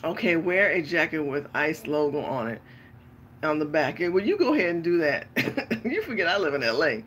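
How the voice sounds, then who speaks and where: A woman's voice: deep voice, sing-song, normal speed, a bit bright, a little hiss or hum. A tired woman hosting a late-night livestream rant, talking bluntly with lots of profanity. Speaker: livestream host and pastor.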